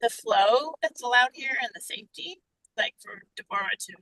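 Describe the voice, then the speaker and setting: A woman on a group video call, speaking in a heartfelt, halting way that often drops to a whisper. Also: on the high side, expressive, a bit bright, dry recording, poor audio. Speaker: group participant.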